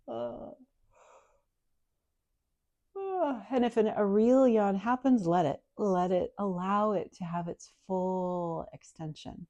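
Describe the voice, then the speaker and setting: A woman yoga teacher guiding a breathing practice in a calm, soft-spoken, explanatory way. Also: on the low side, vocal fry, no room sound. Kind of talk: guided breathing and yoga instruction.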